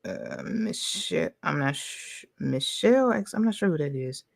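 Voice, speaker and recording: A woman's voice: low-pitched, animated, moderate pace, gravelly, no echo, studio quality. A woman hosting a casual livestream, chatting loosely, reading the chat aloud and leaning on "you know". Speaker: livestream host.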